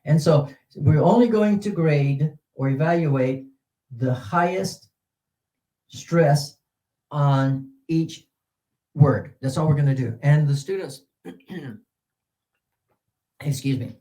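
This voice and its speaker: Man teaching pronunciation, mellow voice. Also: on the high side, slow pace, long pauses, poor audio. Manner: explanatory, repeats example words, many fillers. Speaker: teacher trainer. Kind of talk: presentation to teachers.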